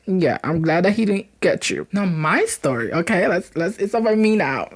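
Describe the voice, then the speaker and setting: A man's voice: high voice, normal speed, hardly any pauses. Chatty man telling spooky tales. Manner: animated, chatty, breaks off with joking asides. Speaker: storytelling channel host. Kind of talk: casual spooky storytelling.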